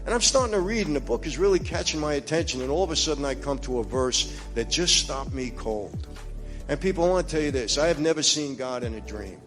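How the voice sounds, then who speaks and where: New york guy telling his testimony, kinda higher voice, goes quiet then fired up, talks right at you. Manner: emphatic, confiding, addresses listeners directly; swings between hushed low passages and raised urgent ones. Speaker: speaker giving a personal testimony. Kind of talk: personal testimony talk.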